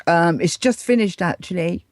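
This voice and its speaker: An English woman co-hosts a casual chat, playful and teasing, laughing easily; she also works as a correspondent. Her voice is fairly low and moderately paced, recorded in studio quality with no room sound.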